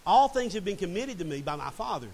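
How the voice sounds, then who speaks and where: A man's voice: sits high, big pitch swings, quick pace, creaky, darkish tone, husky, rough recording. A middle-aged man preaching a sermon and reading scripture dramatically. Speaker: pastor. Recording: faint hiss.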